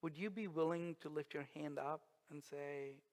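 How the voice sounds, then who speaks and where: A male pastor preaching a sermon, slow and emphatic, with dramatic pauses and quiet drops. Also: a little high, fairly even intonation. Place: church sanctuary. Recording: long reverb of a church hall.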